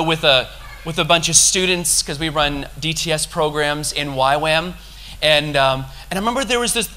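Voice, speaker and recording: A man preaching a sermon in a conversational style, with sudden loud, impassioned bursts. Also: on the high side.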